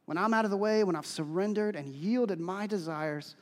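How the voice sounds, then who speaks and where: A man preaching a sermon as pastor, telling stories in an animated, emphatic way. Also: high-pitched, normal speed, few pauses. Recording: long hall reverb.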